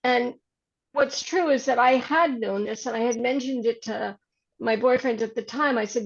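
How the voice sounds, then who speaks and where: A woman's voice: fairly high pitch, moderate pace, creaky, breathy edge, muffled recording. A woman on a video call, earnestly recounting a personal story. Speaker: workshop participant.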